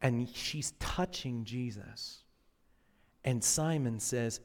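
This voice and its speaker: A male pastor delivers a sermon with a somewhat high voice. He tells the story dramatically, dropping to near-whispers and then building to impassioned, raised passages. The long reverb of a large church hall hangs on every phrase. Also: measured pace. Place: church auditorium.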